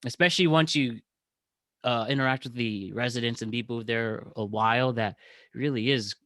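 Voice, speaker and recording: A man's voice: mid-range voice, moderate pace, a bit bright, dry recording, clean studio sound. A young man hosting a podcast in casual chat, rambling with frequent restarts and fillers. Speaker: podcast host.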